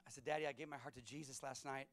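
A middle-aged man preaching a sermon, telling personal stories with animated swings between loud punches and hushed asides. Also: mid-range voice, very fast, faint music behind. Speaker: pastor.

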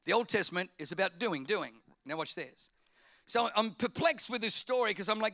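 A middle-aged man, preaching a sermon, swinging from loud emphatic lines to quiet hushed asides. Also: sits high, lively intonation, normal speed, creaky, no echo. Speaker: pastor.

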